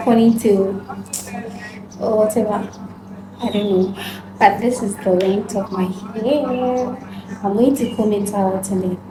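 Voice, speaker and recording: A woman's voice: medium pitch, noisy background. A young woman vlogging in a casual chat, walking through her plans for the day.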